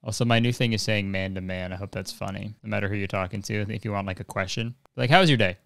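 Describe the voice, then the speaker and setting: A man's voice: fairly low pitch, steady tone, fast talker, creaky, fairly bright tone. A young man streaming a video game, talking casually in a rambling, jokey, profane way. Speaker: gaming streamer. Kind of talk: casual gameplay commentary.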